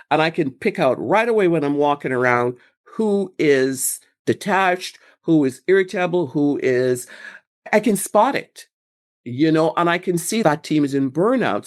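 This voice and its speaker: Animated woman with lively pitch. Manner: animated, rambling storytelling with quoted examples. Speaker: guest burnout expert. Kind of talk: conversational interview answers.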